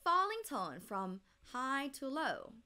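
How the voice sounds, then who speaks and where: A woman teaching a language lesson, drawing out each sound as she demonstrates it. Her voice leaps and falls across a very wide range, and it has a bright, clear edge. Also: high-pitched, wildly swooping pitch. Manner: slow, careful demonstration of tones.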